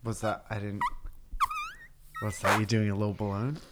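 A man's voice: lowish voice, level tone, moderate pace, heavy background noise. A man in his thirties, a podcast co-host, chatting casually and joking playfully. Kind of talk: casual chat.

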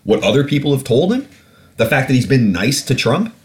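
A man's voice: mid-range voice, very animated, brisk. Profane, ranting male podcast host. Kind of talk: casual opinion podcast.

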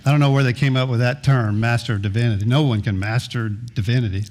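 A man's voice: mid-range voice, steady tone, quick pace, a little mellow. A middle-aged man preaching a sermon as pastor, earnest, often repeating words and restarting phrases, sometimes half-singing lines of a hymn.

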